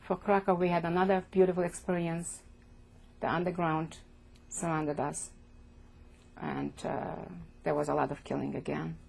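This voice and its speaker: An older woman from Poland giving oral history testimony as an interviewee, speaking haltingly and repeating words as she goes. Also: deep voice, flat delivery, darkish tone, slight background noise. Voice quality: gravelly, husky.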